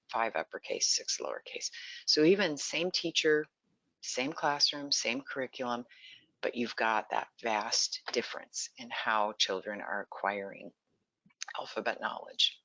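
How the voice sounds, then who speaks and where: A Texas-based presenter teaches early literacy in an online webinar, with a medium pitch, lively intonation, moderate pace, and a bright, forceful tone. Her style is patient and explanatory, frequently questioning the audience. The audio is dry and close, somewhat dull and lo-fi.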